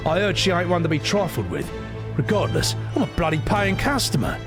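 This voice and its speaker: A man's voice: sits high, very animated, a little fast, over music, voice pushed up. A man voicing a complaining customer in a game, with a put-on accent. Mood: indignant. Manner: indignant, complaining.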